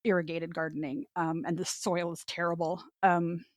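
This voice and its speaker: A woman's voice: on the low side, flat delivery, normal speed, no room sound, studio quality. A woman from North Dakota hosting a podcast, chatty and self-deprecating, laughing often as she talks. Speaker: podcast host. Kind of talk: casual podcast chat.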